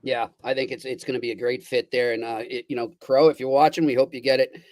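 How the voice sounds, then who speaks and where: A man's voice: medium pitch, level tone, quick pace, a little mellow, no echo. A man co-hosting a hockey podcast, chatting casually and feeding questions to his partner. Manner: conversational, feeds questions, frequent short agreements. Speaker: podcast co-host.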